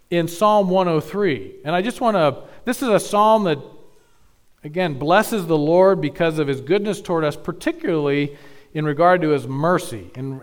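Man preaching a measured sermon, smooth tone. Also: fairly high pitch. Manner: measured, emphatic teaching with pauses and restarts. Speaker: pastor.

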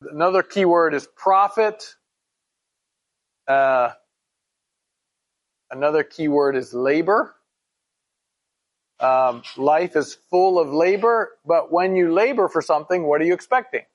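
A man's voice: a little high, a little slow, long pauses, dull audio. A man teaching a Bible study in a conversational way, reading scripture aloud and asking his listeners questions.

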